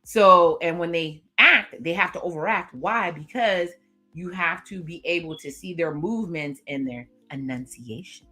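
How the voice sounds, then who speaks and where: A woman hosting a reaction video, recapping a TV episode in a chatty, expressive way and reading character lines aloud. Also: fairly low pitch, moderate pace, soft background music. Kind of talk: casual commentary recapping a TV episode.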